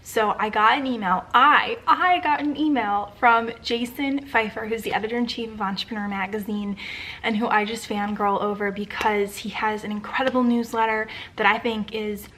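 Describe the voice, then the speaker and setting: A woman talking casually in a personal vlog at home at bedtime, gushing with excitement and gratitude, sometimes dropping into soft near-whispers. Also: fairly high pitch, moderate pace, a little hiss or hum. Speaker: vlogger.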